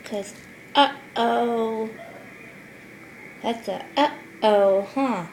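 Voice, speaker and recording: A woman speaks in slow, sing-song baby talk, coaxing a toddler at home. Her voice sits a little high and she draws each word out. The home camcorder recording carries a clear hiss and room noise behind her. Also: poor audio. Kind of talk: home video, talking to a toddler. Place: family home indoors.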